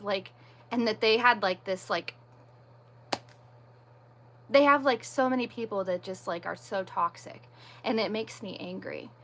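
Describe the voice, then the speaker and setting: Bright-voiced woman venting on a livestream. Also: medium pitch, a little hiss or hum. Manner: emphatic, repetitive venting with frequent "like". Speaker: livestream host. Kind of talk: casual livestream chat.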